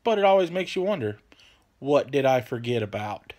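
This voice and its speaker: Guy doing a chill q&a vlog, rambly and apologetic, keeps saying man, regular middle pitch. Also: very animated, normal speed, darkish tone. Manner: laid-back, rambling, apologetic, peppers talk with "man". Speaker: channel host answering viewer questions. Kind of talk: casual vlog Q&A.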